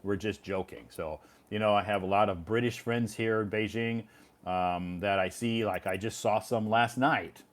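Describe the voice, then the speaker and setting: A man's voice: on the low side, fairly even intonation, moderate pace. An American man hosting a casual live stream, talking in a rambling way with many fillers. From United States. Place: home in Beijing.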